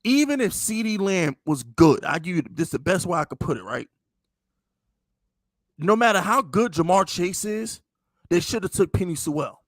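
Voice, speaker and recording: A man's voice: high voice, sing-song, moderate pace, dry recording. A man co-hosting a sports podcast in casual chat, blunt, profane and opinionated. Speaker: podcast co-host.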